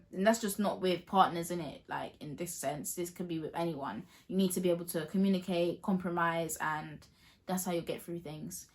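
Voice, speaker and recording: Brief: young woman, slightly low voice, casual vlog host, chatty with frequent laughs. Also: fairly bright tone. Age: young adult. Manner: chatty, laughs often, tag questions. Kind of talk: casual couple Q&A chat.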